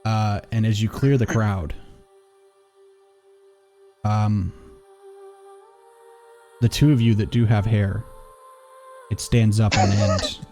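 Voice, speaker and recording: A man's voice: lowish voice, fairly even intonation, warm tone, soft background music. A man narrating as game master of a tabletop game, rambling and full of fillers. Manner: rambling, with fillers and quick asides.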